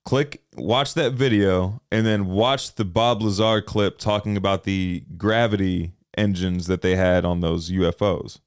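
A young man, co-hosting a podcast in casual, halting, folksy chat. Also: deep voice, fairly even intonation, clear, resonant tone, no echo, studio quality. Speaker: podcast co-host.

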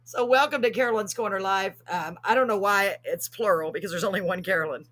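A woman's voice: medium pitch, a little fast, hardly any pauses, a bit bright. A middle-aged woman from Texas, hosting a live chat show, bubbly and jokey with frequent laughs. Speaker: show host.

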